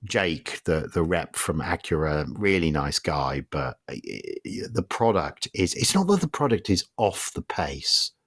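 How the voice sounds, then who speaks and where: A deep-voiced middle-aged Englishman talks through a car review in a loose, rambling way, blunt and wry, with swearing. The sound is dry and close, with no room around it. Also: big pitch swings, a little slow, hardly any pauses, fairly bright tone, no echo. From England. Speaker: podcast host. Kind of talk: casual car review chat.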